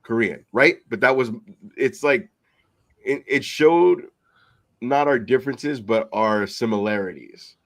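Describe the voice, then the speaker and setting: A man's voice: mid-range voice, a little slow. A man co-hosting a casual podcast, ranting with frequent swearing. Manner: profane, opinionated ranting. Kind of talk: casual chat.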